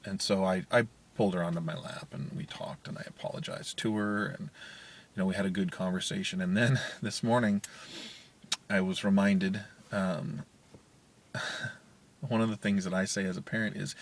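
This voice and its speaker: A man's voice: sits low, steady tone, moderate pace, vocal fry. A man in his thirties talking casually and candidly to camera from a parked car, with lots of restarts and fillers. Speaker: vlogger, parent. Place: parked car in a parking garage. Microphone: handheld media player's built-in mic.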